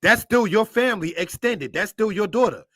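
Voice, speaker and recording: A man's voice: sits high, lively intonation, normal speed, sharp tone, no room sound. A man with a slightly raised voice teaches scripture like a preacher. He breaks Hebrew words down one at a time and keeps asking his listeners questions. The sound is close and dry. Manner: preacherly, asks many rhetorical questions, addresses listeners as brothers and sisters; spells out Hebrew words line by line. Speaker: Torah teacher. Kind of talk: scripture lesson.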